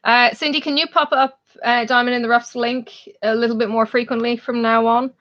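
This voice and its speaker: A woman's voice: on the high side, fairly even intonation, fairly quick. A woman with an Irish accent hosting a casual live chat, laughing often and calling out her viewers by name. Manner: chatty, laughs often, reads out viewers' names. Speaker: livestream host. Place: home, in Australia. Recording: dull lo-fi stream audio.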